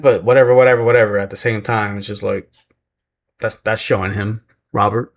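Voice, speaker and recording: A man with a somewhat low voice talks through a wrestling show in a loose, rambling way. He keeps laughing at his own forgetfulness and now and then slips into quick mimicry of the people he is describing. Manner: rambling, self-deprecating, mimics voices when retelling. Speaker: wrestling recap vlogger. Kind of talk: casual recap commentary.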